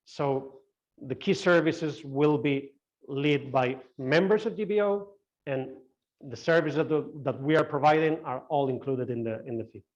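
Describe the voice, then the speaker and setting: Brief: man running an online meeting Q&A, halting and restart-prone, slightly high voice, dull call sound. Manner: halting, many restarts and fillers. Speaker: club CEO answering questions. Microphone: video call.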